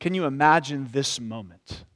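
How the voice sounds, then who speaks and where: A man preaching an expository sermon in a church. He talks reflectively and often softens his points with "sort of.". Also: medium pitch, normal speed. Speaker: pastor.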